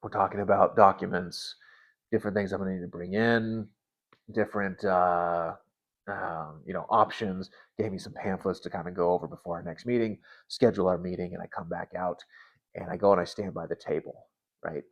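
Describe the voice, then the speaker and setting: Low-voiced man telling an earnest testimony. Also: steady tone. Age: 30s. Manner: earnest, halting, repeats words as he restarts. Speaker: Christian vlogger. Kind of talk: personal testimony storytelling.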